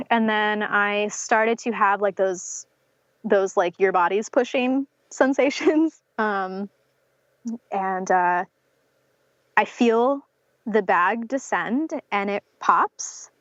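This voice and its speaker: A young woman from North Carolina recounts her experience to a podcast host. She fills her speech with "um" and "like" and slips into quoting others. The audio is dry and slightly muffled, at a middle pitch. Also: takes it slowly, a bit bright, dry recording. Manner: many fillers like "um" and "like", acts out quotes of others. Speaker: podcast guest. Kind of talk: telling a personal birth story in an interview.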